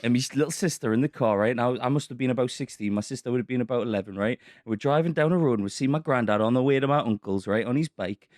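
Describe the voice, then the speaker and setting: A man, a podcast guest telling a lively anecdote in casual chat and laughing through it. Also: mid-range voice, fast talker, hardly any pauses, no room sound, studio quality. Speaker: comedy sketch creator, podcast guest.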